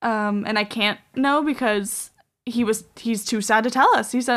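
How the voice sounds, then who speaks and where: A woman with a slightly high, somewhat bright voice speaks at an unhurried pace. She's a podcast host telling a story casually, rambling along with plenty of "um" and "like" fillers.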